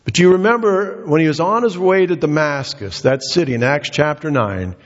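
A man preaching with a husky, slightly high voice, telling his story earnestly and building into passionate emphasis. The sound is dull and lo-fi, with a long reverb trailing every phrase. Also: normal speed. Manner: earnest storytelling, rising to impassioned. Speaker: pastor. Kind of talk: sermon. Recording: dull lo-fi recording in a reverberant hall.

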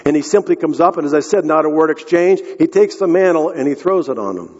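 A man's voice: a little high, expressive, quick pace, darkish tone. A man preaching a sermon, telling a story earnestly and speaking directly to the congregation. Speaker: pastor. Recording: echoey hall, dull lo-fi sound.

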